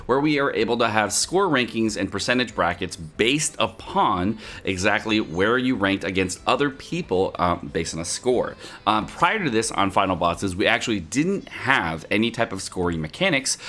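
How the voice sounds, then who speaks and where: A man's voice: on the low side, fairly bright tone. A young man giving a casual game guide, laid-back and loose, with lots of ums and uhs and the odd swear. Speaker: gaming YouTuber.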